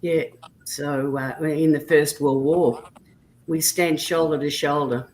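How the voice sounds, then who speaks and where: Australian woman, low voice, chatty storyteller, casual livestream guest. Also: fairly even intonation, slow, darkish tone, a little hiss or hum, low-quality recording. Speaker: guest on a live chat stream. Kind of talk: casual chat.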